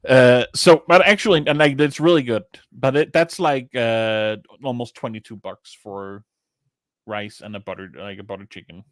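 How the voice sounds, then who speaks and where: A man's voice: medium pitch, moderate pace, dry recording. A man with a Danish accent, a podcast co-host chatting casually in a rambling, chatty way with casual swearing. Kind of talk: casual chat.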